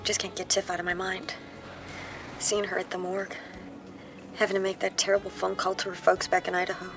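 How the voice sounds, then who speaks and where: An actress playing a police detective who briefs her team in a brisk, businesslike way. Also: mid-range voice, completely flat delivery, music in the background, natural voice. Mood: somber. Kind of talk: TV crime drama acting.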